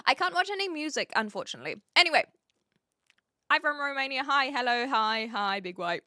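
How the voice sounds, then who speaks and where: Lively bright-voiced New woman. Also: high voice, brisk, dry recording, studio quality. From New Zealand. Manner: chatty, lots of fillers and restarts. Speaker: streamer. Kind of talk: casual live-stream chat, reading and answering chat.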